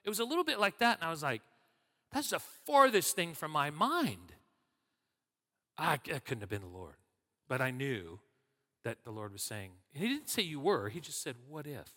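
Pastor guy telling stories in his sermon, kinda high voice, long church reverb. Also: moderate pace. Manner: animated storytelling with acted-out quotes. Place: church sanctuary.

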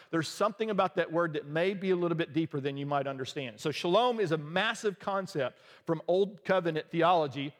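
A man preaching a sermon in a casual, joking, conversational way, with quick asides to the congregation. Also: on the high side, long reverb tail. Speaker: pastor.

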